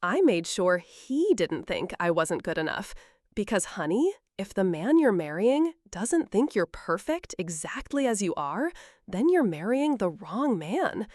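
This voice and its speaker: A loving older grandmother talks gently but plainly, read by a woman narrator. Her voice moves up and down with lively expression. The sound is dry and close. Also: mid-range voice, unhurried, no echo. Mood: tender. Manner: gentle, reassuring, plain-spoken.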